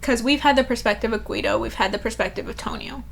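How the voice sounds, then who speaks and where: Excitable, cursing woman podcast co-host. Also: fairly high pitch, fast, vocal fry. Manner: excitable, swears freely, laughs often. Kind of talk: casual book-club chat.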